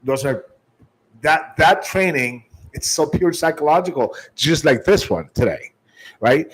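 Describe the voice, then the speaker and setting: A man's voice: medium pitch, unhurried, slightly rough, poor audio. A man giving sales training, emphatic, restarting often and shifting his tone and volume to demonstrate.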